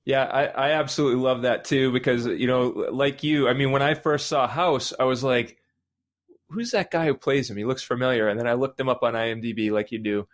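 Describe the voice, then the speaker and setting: Male panelist, mid-pitched, chatty, dramatizes his own thoughts. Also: brisk, few pauses. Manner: animated storytelling, acts out his own reactions. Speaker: podcast panelist. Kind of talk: casual panel discussion.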